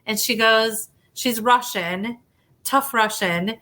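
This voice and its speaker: A woman's voice: on the high side, slow, pushed and bright. A woman hypnotherapist telling her story in a casual interview, chatty, often restarting sentences and acting out the dialogue she quotes.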